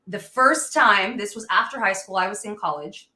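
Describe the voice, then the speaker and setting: Excited woman host in an echoey room. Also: mid-range voice, moderate pace, a little hiss or hum. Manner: excited, gushing fan with frequent laughs. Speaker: podcast host. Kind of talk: casual interview chat.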